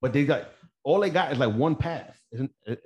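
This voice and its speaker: A man's voice: mid-range voice, normal speed, dull audio. Profane New man telling stories. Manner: profane, animated, acts out dialogue. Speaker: podcast co-host. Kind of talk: casual storytelling chat.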